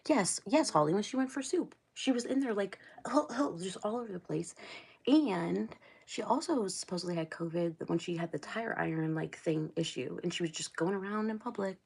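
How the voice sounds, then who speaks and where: A woman's voice: medium pitch, animated, moderate pace, vocal fry, darkish tone, husky. A middle-aged woman from Ohio hosting a casual livestream, rambling and chatting back to viewers' comments. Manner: chatty, rambling, laughs often, talks back to the chat. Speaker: livestream host.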